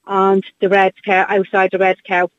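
A middle-aged Irish woman speaking by phone in an interview, halting and repeating herself with many fillers. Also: mid-range voice, monotone, dry recording. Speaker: guest, bereaved mother. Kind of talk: phone interview, emotional recounting. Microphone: phone line. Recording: dull phone line.

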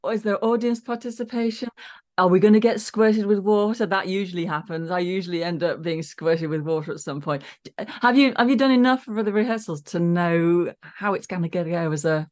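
A woman's voice: lowish voice, brisk, darkish tone. Woman, from Liverpool, radio host, friendly, encouraging, casual interview. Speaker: radio presenter.

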